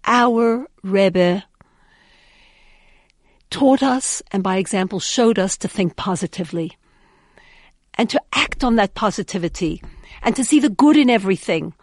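A woman's voice: mid-range voice, expressive, unhurried, pauses often, a little mellow, no room sound. A woman giving an inspirational storytelling talk in an earnest, emphatic way, often repeating words for weight. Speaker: inspirational speaker.

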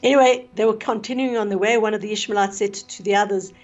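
A woman retelling a story on the radio, expressive and with fillers, on a dull lo-fi recording. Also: mid-range voice, quick pace, few pauses.

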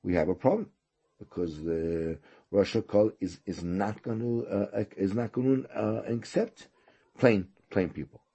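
A man's voice: fairly low pitch, a little slow, mellow, breathy edge, muffled recording. A man doing a stammering, fussy attendant. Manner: hesitant, stammering.

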